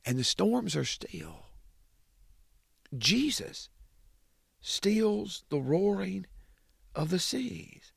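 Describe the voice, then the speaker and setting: A man preaching a sermon, swinging from booming emphasis to hushed low drops. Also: sing-song, very slow, creaky, pauses often, slightly rough, no room sound, clean studio sound.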